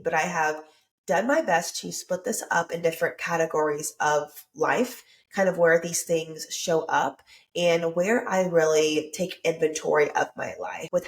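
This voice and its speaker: The host of this solo motivational podcast is a woman with a deep voice. She sounds congested, with a stuffy nose and sore throat, yet her delivery is bright and sincere.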